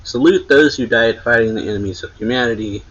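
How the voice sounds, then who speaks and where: A man reading the lines of a cold, contemptuous male military instructor aloud, a little louder and higher than his own talk, with a husky voice on dull lo-fi audio. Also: fairly quick, lightly acted. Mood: scornful.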